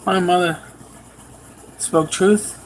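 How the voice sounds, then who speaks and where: Animated male preacher telling a story. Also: slow, slight background noise, poor audio. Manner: animated storytelling, swings in pitch and pace. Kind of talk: sermon.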